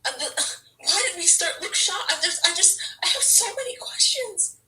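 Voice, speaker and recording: A woman's voice: extremely high pitch, expressive, normal speed, bright, forceful tone, recorded from a distance, rough recording. A woman football fan ranting to camera in a frustrated, exasperated way, stammering and restarting her sentences. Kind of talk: emotional fan rant to camera.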